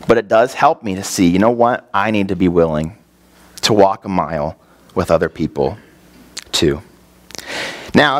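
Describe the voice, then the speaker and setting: A man preaching a sermon as pastor, repeating short phrases for emphasis and telling stories in a loose, conversational way with fillers. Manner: emphatic, repeating phrases and rising in pitch to stress points; conversational asides with fillers while telling a story.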